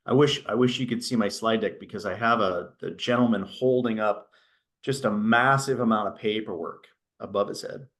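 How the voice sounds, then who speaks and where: A middle-aged man presents casually on a video call to a virtual business workshop, speaking at a moderate pace in a fairly low, fairly bright voice. Conversational and full of stories, he often adds "right?" to check in.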